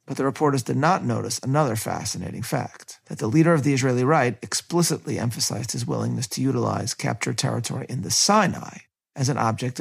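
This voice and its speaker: Gravelly, husky male history narrator. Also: medium pitch. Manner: measured, reads quotations aloud. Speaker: history lecturer.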